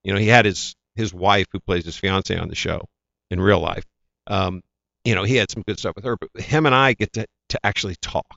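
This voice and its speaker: A man's voice: sits low, a little fast, gravelly, no echo, lo-fi sound. A man, an actor, telling stories from his career in a casual interview, acting out the voices of the people he quotes. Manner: animated anecdotes, acts out quoted voices. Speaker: actor, guest.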